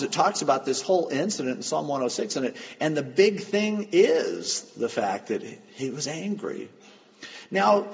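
A man preaching a sermon in an earnest, emphatic, storytelling manner, recorded in a church hall with a dull sound. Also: fairly high pitch. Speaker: pastor. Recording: dull lo-fi with long hall reverb.

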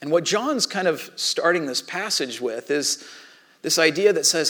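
Man, thirties, pastor, lively storytelling sermon, fairly high voice, swings from hushed to loud. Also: measured pace. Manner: animated storytelling, acts out his own panic and shouting.

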